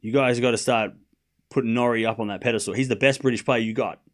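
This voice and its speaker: A fast-talking Australian man with a mid-range voice hosts a live tennis stream. He rants to viewers in a casual, mocking, animated way, speaking directly to chat.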